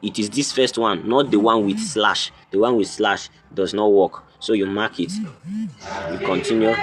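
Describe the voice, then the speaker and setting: A man's voice: lowish voice, steady tone, moderate pace, noisy background. A man hosting a coding tutorial, walking through each step in a teacherly way, repeating points and checking "can you see". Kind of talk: screen-recorded tutorial walkthrough.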